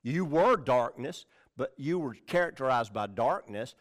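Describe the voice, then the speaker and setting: A male pastor with an expressive, mid-range voice and an unhurried pace teaches from the Bible in a conversational sermon. Reading scripture, he leans on key words, often pausing to check in with "all right?" or "okay?".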